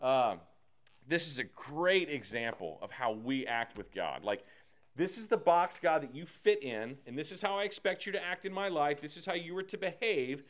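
A man leading a casual Bible study, animated and slangy, acting out the characters as he teaches. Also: a little high, normal speed. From United States.

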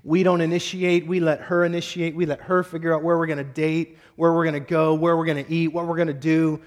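A male pastor delivering a sermon with blunt, direct exhortation and a teasing edge. His voice sits somewhat high for a man. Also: steady tone, brisk, few pauses.

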